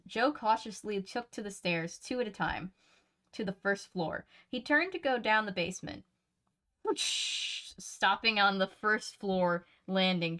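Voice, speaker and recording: A woman's voice: mid-range voice, fairly bright tone. Woman reading aloud with chatty asides. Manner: chatty asides, laughs and self-corrections. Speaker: reader and channel host. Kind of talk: reading a novel aloud with casual commentary.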